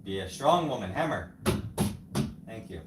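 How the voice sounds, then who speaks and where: In a reverberant, noisy home livestream, an American husband and co-host in middle age guides his wife through a build one step at a time while teasing her casually. His lowish voice has a sing-song quality and a measured pace.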